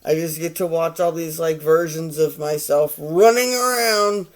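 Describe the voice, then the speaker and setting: A man's voice: on the high side, measured pace. A man in his forties giving a casual tarot reading, rambling, swearing and sounding exasperated. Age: 40s. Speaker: tarot reader.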